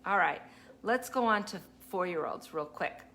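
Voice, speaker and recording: Chatty woman teacher with a lowish voice. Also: expressive, normal speed, bright, forceful tone, a little hiss or hum. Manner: chatty, laughs often, acts out kids and parents. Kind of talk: casual live-stream talk on parenting.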